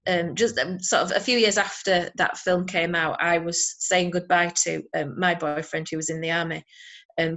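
A woman giving a measured, even poetry reading over a video call, with hesitant fillers between poems. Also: lowish voice. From Yorkshire, England. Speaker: poet.

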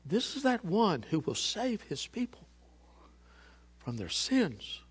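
A man voicing a tender male angel who speaks gently and soothingly. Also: sits high, huge pitch swings, takes it slowly, slightly rough, voice pushed up, heavily acted. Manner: hushed and soothing.

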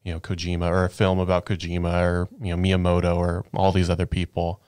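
A man on a games podcast panel, talking in casual chat, thoughtful and measured. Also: deep voice, monotone, a little mellow, smooth, dry recording, studio quality.

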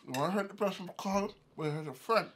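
A man's voice: high-pitched, fast, fairly bright tone, a little hiss or hum. A man at home in a casual mukbang video, questioning his wife insistently and suspiciously. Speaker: vlogger, husband. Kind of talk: casual argument during a mukbang.

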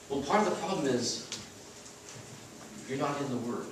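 A man's voice: mid-range voice, animated, normal speed, slight background noise. Man preaching in an echoey chapel. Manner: earnest, emphatic preaching. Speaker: chapel speaker at a Christian school. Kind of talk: sermon. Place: chapel at a retreat. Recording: echoey room from far off.

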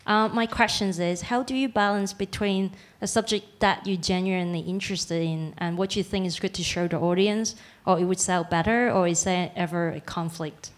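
A woman in the audience asking a filmmaker an earnest question, slightly halting. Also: fairly low pitch, fairly even intonation. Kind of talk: spoken question at a public Q&A.

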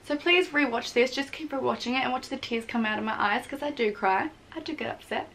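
Young woman vlogger, sharp bright voice, swears a lot, mocks herself. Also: sits high, fairly quick, slight background noise. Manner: blunt, swears freely, self-mocking. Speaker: vlogger reacting to her own TV clips. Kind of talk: casual reaction commentary.

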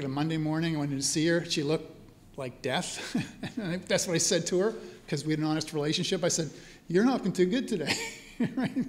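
A man who is a priest and spiritual care teacher, telling stories to a live audience in a chatty way. He often checks in with the listeners as he talks. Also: fairly high pitch. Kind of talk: storytelling talk to a live audience. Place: church hall event.

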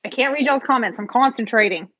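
A fast-talking woman with a slightly high, fairly bright voice paints on a live stream while making nervous, casual chat with her viewers and commenters. The audio is dull and dry home-stream sound, with no room sound.

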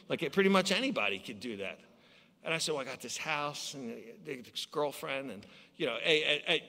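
A man tells his recovery story to a conference crowd, acting out the voices of the people in it. His voice is bright and forceful. The sound rings with the long reverb of a large hall. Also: mid-range voice. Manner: storytelling, acts out quoted voices. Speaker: AA speaker.

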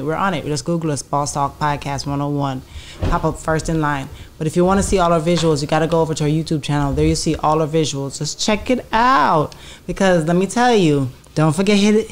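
A woman from Jamaica with a Jamaican accent, co-hosting a podcast. She pitches the channel with upbeat energy and asks curious questions with a laugh. A faint noise sits behind her voice. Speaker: podcast co-host. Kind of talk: casual interview chat.

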